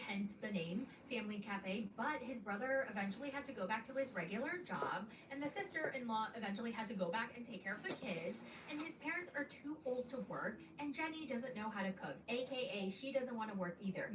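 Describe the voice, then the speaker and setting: A young woman giving a chatty, animated recap of a reality show, dropping into character voices. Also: mid-range voice, recorded from a distance. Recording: echoey room, off-mic, noisy background.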